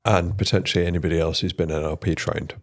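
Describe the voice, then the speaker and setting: A man's voice: low-pitched, steady tone, fast talker, no room sound, studio quality. A man hosting a podcast, prompting his guest with brief interjections and questions. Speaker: podcast host.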